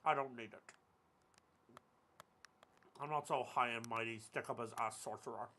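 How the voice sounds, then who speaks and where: A man's voice: mid-range voice, steady tone, moderate pace, pushed and bright, slight background noise. A young man giving casual commentary over his gameplay, joking, rambling and cursing at the game. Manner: jokey, rambling, swears at the game. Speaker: gaming video creator.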